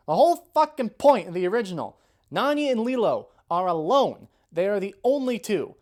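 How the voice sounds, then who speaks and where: A woman's voice: medium pitch, big pitch swings, normal speed, a little mellow. A woman ranting in a video review, heated and exasperated, swearing freely and sighing between points. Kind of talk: ranting commentary.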